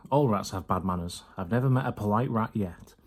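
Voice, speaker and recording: A man voicing a steady, proper badger in a storybook reading, with a stiff manner. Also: on the low side, a little fast, natural voice. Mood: disapproving.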